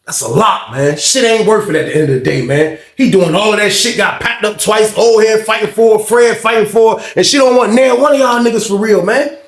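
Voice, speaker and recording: A man telling a prison story to his viewers in casual, profane street slang with animated delivery. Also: high voice, a little fast, few pauses. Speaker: vlogger, storyteller. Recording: echoey room.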